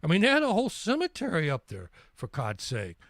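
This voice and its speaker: A man in his sixties hosts a live stream and spins a travel story in a rambling, easygoing way. He repeats words and restarts sentences as he goes. His voice sits a bit high for a man, and the sound is dry and close. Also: huge pitch swings, a little fast, a bit bright, no echo. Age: 60s. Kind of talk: casual storytelling.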